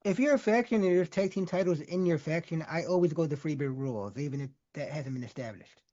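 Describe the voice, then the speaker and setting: A man co-hosting a casual podcast, chiming in with relaxed, profane side remarks. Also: a little high, quick pace, lo-fi sound. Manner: laid-back, profane side comments. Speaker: podcast co-host.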